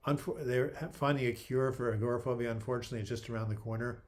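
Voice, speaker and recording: A man's voice: mid-range voice, very fast, darkish tone, slight background noise. An older man hosting a casual livestream, reading viewer comments aloud and answering them in a chatty, joking way with frequent restarts. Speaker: livestream host.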